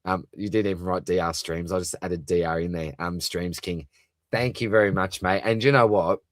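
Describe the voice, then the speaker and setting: A man's voice: sits low, steady tone, normal speed, dry recording. An Australian man hosting a live fantasy football stream, reading chat comments aloud and replying in a chatty, matey way with lots of fillers. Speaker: fantasy football livestream host.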